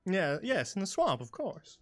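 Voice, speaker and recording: A man's voice: high-pitched, wildly swooping pitch, moderate pace, voice pushed up. A man performs a folksy middle-aged innkeeper who drawls in a Southern accent. He talks around questions, hesitant and rambling, his voice lifted noticeably above its usual register, with faint music underneath. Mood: evasive folksy. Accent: Southern US, put on.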